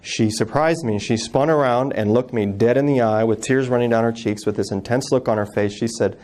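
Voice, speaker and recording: A man in his thirties giving an earnest personal storytelling talk as a guest speaker, acting out family members' words softly. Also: mid-range voice, a little fast, few pauses. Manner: earnest, acts out quoted family voices softly.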